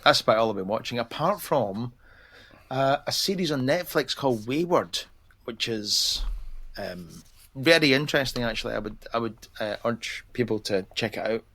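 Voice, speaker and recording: A man's voice: medium pitch, expressive, moderate pace, bright, forceful tone. A man co-hosting a podcast, chatting casually and laughing easily as he recommends shows. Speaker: podcast co-host. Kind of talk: casual chat.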